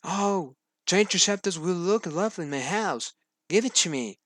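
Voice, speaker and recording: A greedy, boastful dog from a children's storybook, voiced by a man reading aloud. The voice runs a little high, with a halting read. It sounds close and dry. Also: lively intonation, fairly bright tone, no room sound. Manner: hesitant reading with fillers.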